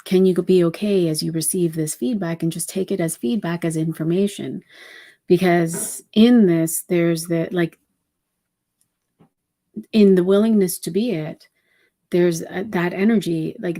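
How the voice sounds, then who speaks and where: Woman, low-pitched, warm mellow voice, spiritual channeling talk, meandering and reflective, gentle. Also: moderate pace. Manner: meandering and reflective, many soft fillers. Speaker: numerology reader and channeler.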